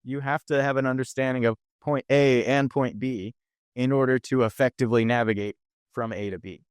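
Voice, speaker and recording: A man's voice: medium pitch, fairly even intonation, a little fast, clean tone, no echo, clean studio sound. A man speaking as a podcast guest, explaining ideas in an earnest, conversational way. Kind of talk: conversational interview.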